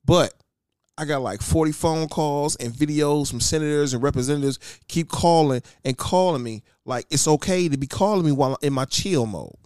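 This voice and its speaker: A man's voice: fairly high pitch, moderate pace, a little mellow, smooth, no echo, clean studio sound. A man co-hosting a casual comedy podcast, ranting and mocking the people he quotes. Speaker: podcast co-host.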